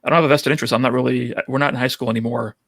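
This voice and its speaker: A man with a New York accent speaks quickly in a gravelly, husky voice, friendly and open as he chats as a podcast guest. The sound is dry and close, with no room behind him. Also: mid-range voice, fairly even intonation, a bit bright, no echo. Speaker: podcast guest, rental business owner. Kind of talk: casual interview chat.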